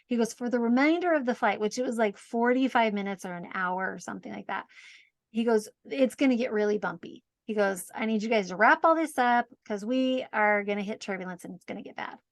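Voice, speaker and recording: Woman guest, lively storyteller with a high-ish voice, dry close mic, laughs through it. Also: brisk, no echo. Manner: animated, self-mocking, laughs often. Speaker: podcast guest, hypnotherapist. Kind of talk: casual storytelling.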